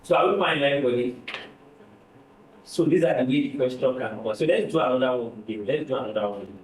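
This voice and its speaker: A man's voice: mid-range voice, fast talker. A man teaching a finance class, repeating numbers and quizzing his students. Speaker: finance tutor. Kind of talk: classroom lecture. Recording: roomy, distant classroom recording.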